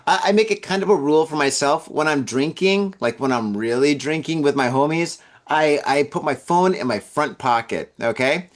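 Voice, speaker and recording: Male podcast host, slightly higher voice, animated comic news riffing. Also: moderate pace, few pauses. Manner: animated, joking asides, acts out drunk voices. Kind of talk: casual comedic news commentary.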